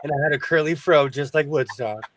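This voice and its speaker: Guy host chatting over sewing, slightly high voice, lively, sings bits of old songs. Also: brisk. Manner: animated, breaks into singing; mentions a speech impediment. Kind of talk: casual chat.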